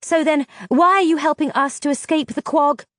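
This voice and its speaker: A woman's voice: a little high, big pitch swings, normal speed, no room sound, studio quality. A woman reader voicing a fierce, defiant young heroine who speaks in heated outbursts. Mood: accusing.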